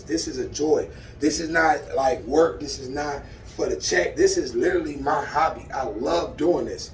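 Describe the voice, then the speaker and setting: A man who trains dogs, vlogging as he works with his puppy, talking straight to viewers and swinging from calm explaining to loud excited bursts. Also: fairly high pitch, echoey room, distant mic. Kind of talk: excited casual vlog while training a dog. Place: outdoors in a dog enclosure.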